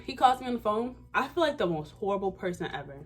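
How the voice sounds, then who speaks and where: Animated young woman telling a storytime. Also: mid-range voice, fast talker, faint music behind. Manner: animated, slangy, emphatic. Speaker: vlogger. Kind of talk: casual storytime.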